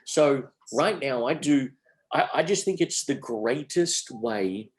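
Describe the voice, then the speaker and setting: A middle-aged Australian entrepreneur, appearing as a guest in a podcast interview, speaks slowly in a mid-range voice. He's animated and emphatic, full of energy and prone to repeating his phrases.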